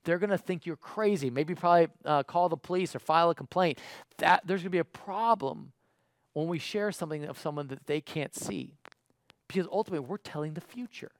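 A man preaching a livestreamed sermon, conversational and emphatic, moving between loud exclamations and quiet pleading. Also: on the high side, a little fast, no echo.

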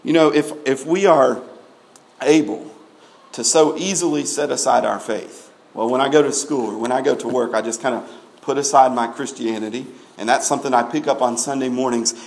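A man's voice: medium pitch, normal speed, gravelly. A man preaching a sermon to his congregation, emphatic and full of rhetorical questions, often repeating words as he builds a point. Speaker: pastor.

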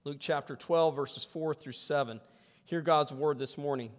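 Male pastor, slightly higher voice, relaxed humorous sermon delivery, reverberant church hall. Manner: humorous, conversational preaching with slow emphatic scripture reading. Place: church sanctuary.

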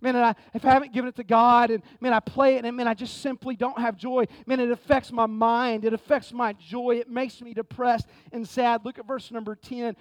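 A man preaching a sermon in a conversational, energetic way, often saying "man". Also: very high-pitched, brisk, hardly any pauses, dry recording. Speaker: pastor. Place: church sanctuary.

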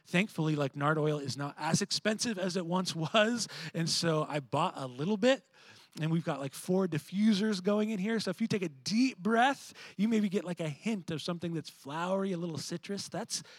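A man preaching a sermon, moving between animated emphasis and hushed, reflective passages. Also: sits high, normal speed, dry recording. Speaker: pastor.

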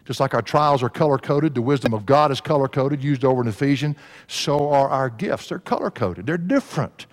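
A pastor delivers a sermon full of stories, his medium-pitched voice expressive and brisk. He's folksy and laughs at his own anecdotes, and a long hall reverb trails his words.

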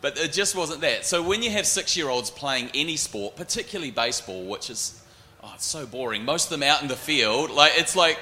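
A man in his forties with a New Zealand accent, telling animated stories as a panelist and acting out other people's voices. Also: a little high, fairly quick, roomy sound, a little hiss or hum. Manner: animated, acts out voices in anecdotes. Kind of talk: storytelling panel talk.

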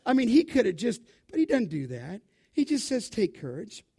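High-voiced emphatic preacher man. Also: big pitch swings, a little fast, breathy edge. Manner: emphatic, calls out questions to the congregation; swings between loud bursts and quiet asides. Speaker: pastor. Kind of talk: sermon.

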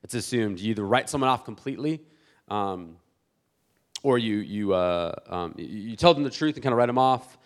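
A man in his thirties preaching a sermon as a pastor, animated and conversational, acting out church members and often restarting his words. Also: on the low side, normal speed. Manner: many restarts and repeated words.

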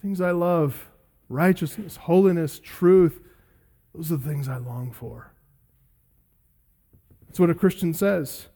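A man with a rather high voice preaches an expository sermon at a pulpit microphone. He is emphatic, stacks up repeated phrases and draws key words out slowly for weight. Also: vocal fry, dark tone. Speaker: pastor.

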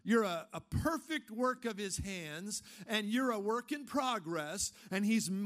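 A man preaching a sermon, firing off emphatic rhetorical questions and then dropping into a low, casual storytelling tone. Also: animated, measured pace, hardly any pauses, fairly bright tone. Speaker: pastor.

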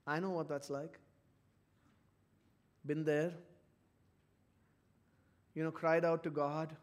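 A man with a high-pitched voice delivers a sermon. He preaches with earnest feeling, building to loud, stressed phrases and then sinking to soft, low ones. His tone speaks directly to the congregation as a pastor. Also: steady tone, unhurried, pauses often. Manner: earnest preaching, swings from loud emphasis to hushed low tones.

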